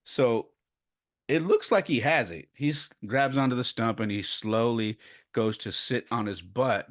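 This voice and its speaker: A man in his forties, a podcast host, telling personal stories in a casual, animated way and going quiet and subdued in the heavier parts. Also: mid-range voice, a little slow, dry recording, studio quality. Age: 40s. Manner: animated storyteller who acts out quoted voices; turns quiet and subdued when speaking of loss.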